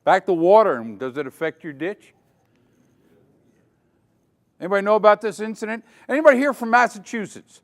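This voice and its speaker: A man's voice: high-pitched, a little fast, pauses often. Older man lecturing in a reverberant hall. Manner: dramatic, quizzes the audience. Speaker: safety trainer. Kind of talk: conference safety lecture. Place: conference hall.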